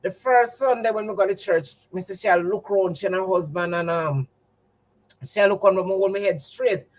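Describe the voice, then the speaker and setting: A woman's voice: mid-range voice, moderate pace, a little mellow, low-quality recording. A woman with a Jamaican accent, telling a personal story to her livestream viewers in an emphatic, repetitive, testimony-like way. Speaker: livestream host.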